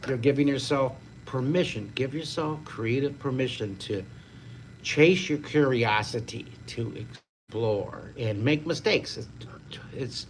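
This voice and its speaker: A man's voice: medium pitch, measured pace, slight background noise. An older man leading a live-streamed drawing lesson, upbeat, chatty and encouraging to his viewers. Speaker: drawing teacher.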